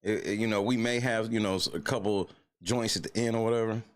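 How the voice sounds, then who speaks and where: A man's voice: fairly low pitch, steady tone, a little fast. A man hosting a live stream, ranting and cursing in frustration about a basketball loss. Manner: profane, frustrated, swings from mutters to shouts. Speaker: livestream host. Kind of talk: casual live-stream rant.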